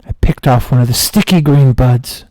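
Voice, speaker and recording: A man streaming who tells a comic story with mock-dramatic, slow deadpan delivery. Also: medium pitch, no echo.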